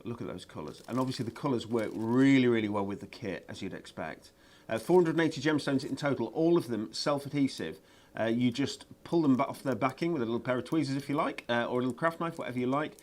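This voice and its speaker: A man's voice: mid-range voice, quick pace. A man presenting craft products on a live shopping show, chatty and enthusiastic, with lots of ums and uhs.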